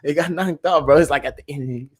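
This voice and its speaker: A man co-hosting a podcast, chatting casually in a lively, joking, rambling way. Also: on the high side, fairly quick, husky. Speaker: podcast co-host. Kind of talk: casual chat.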